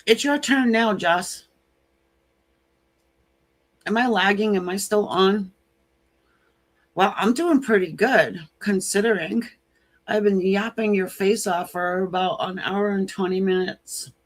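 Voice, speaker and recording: A woman's voice: medium pitch, slow, long pauses. A woman giving a live-streamed tarot reading, chatty and frank, often laughing between points. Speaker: tarot reader. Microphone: computer mic on a live stream.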